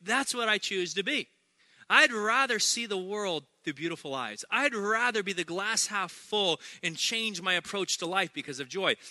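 A man preaching a sermon as pastor, energetic and humorous, repeating key phrases for emphasis. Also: sits high, normal speed, no echo.

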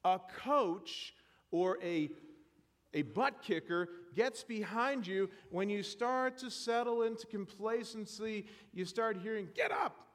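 A man preaching a sermon in church, animated and self-deprecating, joking with the congregation. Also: high-pitched, slow pace, big-room sound. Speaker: pastor.

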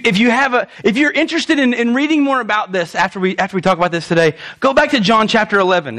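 A young man preaching a sermon as pastor, animated, asking rhetorical questions and acting out quoted lines. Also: high voice.

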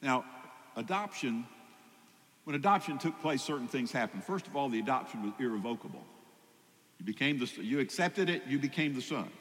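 A man preaches to his congregation, mid-pitched and conversational, climbing into louder emphatic stretches. His voice rings with a long reverb, as if from a church sanctuary. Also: lively intonation, fairly quick. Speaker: pastor. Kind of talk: sermon.

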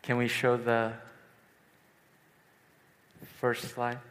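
A man in his thirties preaching a sermon at a youth retreat, telling a personal story with swings from hushed to excited. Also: medium pitch, extremely slow. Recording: long hall reverb.

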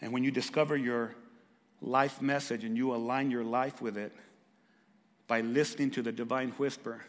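A pastor preaching a sermon, swinging from raised, emphatic lines to hushed, soft ones. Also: male voice, medium pitch, little pitch movement, normal speed, in a large hall.

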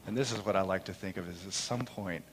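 A middle-aged man preaching a sermon in church, impassioned, moving between loud proclamation and soft, quiet storytelling. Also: low-pitched, quick pace, a little hiss or hum. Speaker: pastor. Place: church sanctuary during a service. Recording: long hall reverb.

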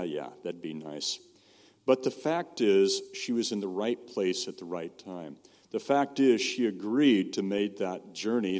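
A middle-aged man preaching a sermon, telling stories in a conversational way and sinking to a soft, low voice on key points. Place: church or meeting hall. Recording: long reverb of a church hall.

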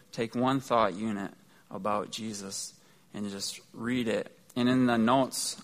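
Man, pastor, conversational sermon, earnest, slightly low voice. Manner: conversational, earnest, explains step by step. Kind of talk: sermon teaching.

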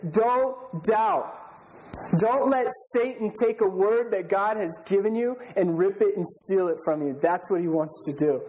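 A man's voice: high-pitched, darkish tone, slight background noise, rough recording. Earnest man preaching a sermon. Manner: earnest, conversational storytelling with frequent restarts. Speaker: pastor.

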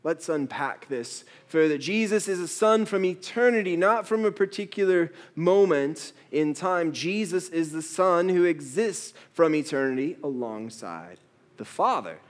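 Casting: male pastor, slightly high voice, unhurried, storytelling sermon style. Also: expressive. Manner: storytelling, playful with quoted asides.

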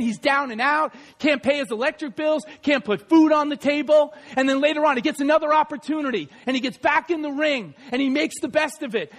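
A male pastor preaching a sermon in a church, emphatic and often shouting, speaking straight to the congregation. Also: very high-pitched, in a large hall.

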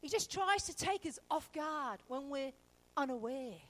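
A woman pastor preaching a sermon, telling a story lively and acting out the characters. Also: high-pitched, unhurried, poor audio.

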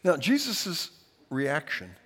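A man preaching with lively, swooping pitch that drops to near-whispers and rises to loud cries. His voice rings out with a long hall reverb, as in a large church. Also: slow pace, slightly rough. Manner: dramatic, swings from hushed to shouting. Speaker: pastor. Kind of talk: sermon.

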